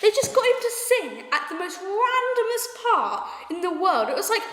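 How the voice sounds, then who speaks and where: English girl, very high voice, lively pitch, giggly chatter, echoey room with long reverb. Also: moderate pace. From England. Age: child. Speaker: young co-reviewer. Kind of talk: casual film review chat.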